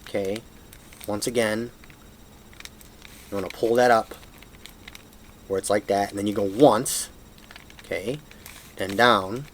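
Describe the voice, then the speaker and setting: A man's voice: lowish voice, slow pace, pauses often, slight background noise. A man casually walking through a puzzle tutorial at home, self-deprecating and apologetic as he fumbles, recorded on a camera mic. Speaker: hobbyist showing a puzzle solve.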